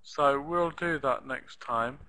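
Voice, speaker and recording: Man, English teacher, slow and patient, bright tone, repeats example phrases for learners. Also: medium pitch, poor audio. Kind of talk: live online class teaching.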